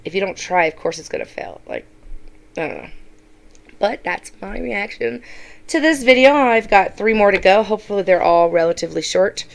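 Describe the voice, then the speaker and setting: A woman's voice: mid-range voice, moderate pace, gravelly. A woman YouTuber giving casual reaction commentary, blunt and exasperated, often mimicking the people she talks about.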